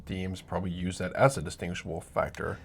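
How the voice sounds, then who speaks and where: A man's voice: deep voice, fairly even intonation, fast talker, vocal fry, a little hiss or hum. A man who co-hosts a podcast and runs tabletop games, talking casually and often adding "you know". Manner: conversational, leans on "you know". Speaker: podcast co-host and dungeon master. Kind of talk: casual chat.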